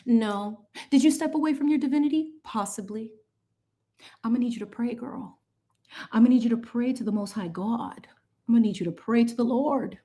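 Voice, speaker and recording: A slightly high voice at normal speed, pausing often, belongs to a channel host painting during a livestream. She's playful and sassy, animated with many asides, and weaves in fragments of Spanish.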